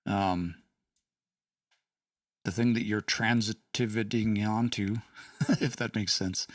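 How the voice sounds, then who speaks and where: A man's voice: lowish voice, dry recording, studio quality, far from the mic. A man teaching language casually on a livestream, chatty, laughing and reading out chat comments.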